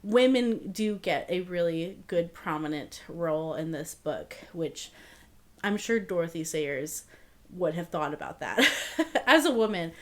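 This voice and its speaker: A woman's voice: on the low side, animated, unhurried. A young adult woman chatting casually about books at home, with many fillers and small laughs. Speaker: book vlogger. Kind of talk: casual book review chat.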